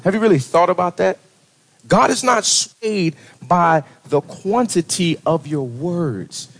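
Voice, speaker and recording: A male pastor delivering a sermon in a plain, conversational way. His voice sits a little high for a man. He checks in with his listeners with a running "right?" and often restarts his sentences mid-thought. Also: slow. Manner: conversational preaching, frequent "right?" asides and restarts.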